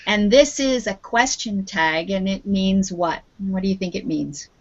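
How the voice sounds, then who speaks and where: In an unhurried, medium-pitched voice, a woman with a Canadian accent patiently prompts her students during an English lesson on a video call. The recording has that dull lo-fi video call sound.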